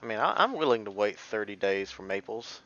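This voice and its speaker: A man's voice: lowish voice, sing-song, fairly quick, sharp tone, muffled recording. A man giving casual gameplay commentary as a let's play streamer, thinking aloud and muttering half-finished sentences as he plays.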